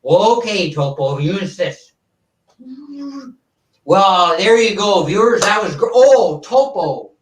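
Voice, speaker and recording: A man's voice: high voice, lively intonation, slow, recorded from a distance, voice pushed up. A man doing an impression of an older male TV variety show host, with a stiff, stagey announcer delivery. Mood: showy. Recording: roomy, away from the mic.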